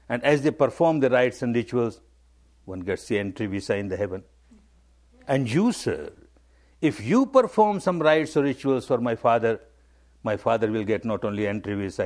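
A man's voice: medium pitch, a little mellow, lightly acted. A man voicing a naive, grieving young man who begs and repeats himself. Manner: imploring, repetitive.

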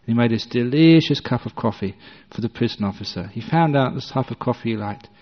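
A man's voice: medium pitch, animated, a little fast. Male meditation teacher, dharma talk, storytelling and wry; muffled, reverberant hall recording. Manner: conversational storyteller, gently humorous.

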